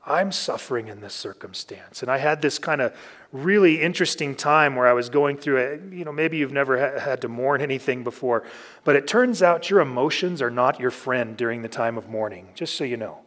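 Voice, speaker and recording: A man's voice: mid-range voice, a little fast, fairly bright tone. A man, a pastor, giving a conversational sermon, telling personal stories candidly and with self-deprecating humor.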